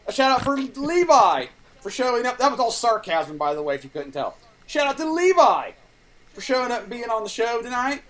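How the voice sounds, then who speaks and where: Sarcastic loudmouth on a gaming podcast, bragging, ribbing friends. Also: mid-range voice, sing-song, brisk. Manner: loud, sarcastic, boastful. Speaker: podcast co-host. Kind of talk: casual podcast banter.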